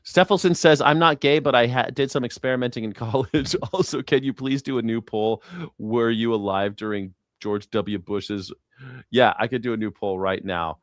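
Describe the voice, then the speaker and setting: A man's voice: medium pitch, moderate pace, dry recording. Man hosting a live stream, casual and profane, jokey, dry close sound. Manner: profane, jokey, mimics accents. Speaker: show host.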